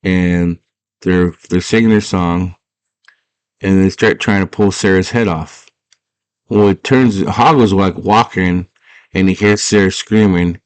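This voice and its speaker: Low-voiced man rambling through a retelling. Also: fairly even intonation, unhurried, smooth, no echo. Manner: rambling, full of filler like "like" and "kinda". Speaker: storyteller. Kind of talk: casual movie retelling.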